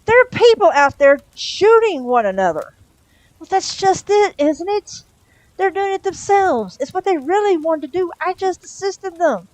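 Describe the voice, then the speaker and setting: Sardonic male demon, pitched high and exasperated, read by a woman. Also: big pitch swings, darkish tone, no room sound, poor audio. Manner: rapid, exasperated outbursts.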